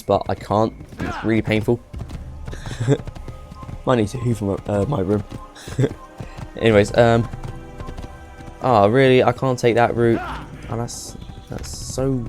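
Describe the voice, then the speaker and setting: Rambling let's-play host. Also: male voice, mid-range voice, darkish tone. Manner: chatty, rambling, laughs at himself. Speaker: gaming video host. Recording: game music playing behind.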